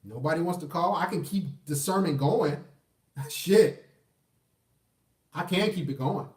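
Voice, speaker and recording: A man's voice: fairly high pitch, a little slow, distant mic. A man in his thirties hosting a casual call-in live stream, blunt and profane as he urges callers to talk. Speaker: call-in show host. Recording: echoey room, off-mic.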